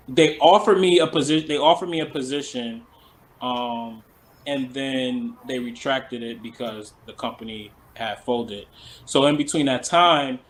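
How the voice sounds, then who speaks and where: A man's voice: medium pitch, rough recording. A man who works as a celebrity stylist, talking casually in an interview, rambling and filling his story with "like.". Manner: rambling, full of "like" fillers.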